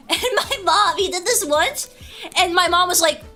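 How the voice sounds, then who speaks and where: Young woman streamer, animated and giggly, swooping pitch. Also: unhurried, faint music behind. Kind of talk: casual chat with chat.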